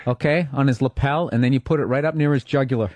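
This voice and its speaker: A man's voice: medium pitch, fast, darkish tone, no room sound. A man co-hosting a podcast who cuts in with sarcastic, teasing jokes in a casual chat. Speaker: podcast co-host.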